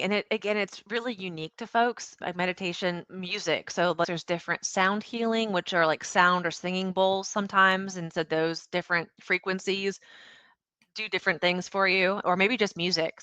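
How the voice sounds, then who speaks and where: In a dry recording, a woman with a lowish voice chats casually as a podcast interview guest. She's a founder and CEO who gets animated and acts out pieces of quoted dialogue.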